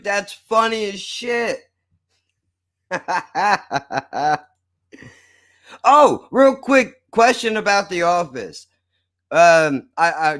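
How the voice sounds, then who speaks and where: Profane rambling man, slightly high voice. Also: fairly bright tone. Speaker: podcast host. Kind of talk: casual podcast banter.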